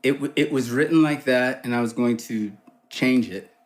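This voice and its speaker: A man chatting as a podcast guest, telling stories with lively pitch and acting out the voices he quotes. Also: moderate pace. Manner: animated storyteller, acts out quoted voices with jumps in pitch. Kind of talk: casual chat, storytelling.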